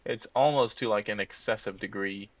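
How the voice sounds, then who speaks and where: A low-pitched man with a gravelly edge thinks aloud as he plays, drifting between quiet mutters and sudden lifts. His voice sits close and dry, with a slightly dull, lo-fi tone. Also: moderate pace, no room sound. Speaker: let's-play gamer. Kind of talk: casual gameplay commentary.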